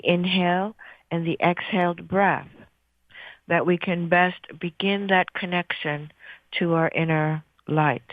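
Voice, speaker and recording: Slow, soothing woman on a thin line. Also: fairly low pitch, steady tone, dry recording. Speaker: radio host. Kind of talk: guided breathing meditation. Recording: thin phone-like sound.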